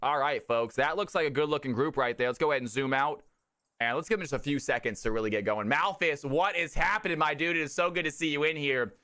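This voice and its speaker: A male streamer with a high, bright, forceful voice, commentating games live. He talks straight to his viewers with loud, eager energy and plenty of hype. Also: quick pace. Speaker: streamer hosting community game nights.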